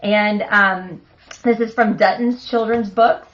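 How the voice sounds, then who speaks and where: A woman's voice: medium pitch, steady tone, slow, a bit bright. A middle-aged woman hosting a live stream, cheerfully reading a picture book aloud and chatting with a chuckle. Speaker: host reading a children's book. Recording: dull, muffled sound.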